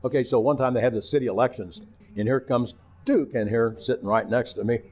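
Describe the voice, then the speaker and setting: In a casual interview, an older Missouri man who used to announce on TV spins animated stories, doing the voices of the characters. He talks a little quickly at a medium pitch.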